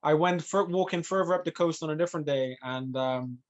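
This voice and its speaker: A man hosts a laid-back podcast conversation, musing slowly and pausing often with fillers. His voice sits a little high. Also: lo-fi sound. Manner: relaxed, hesitant, many fillers. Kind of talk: casual interview chat.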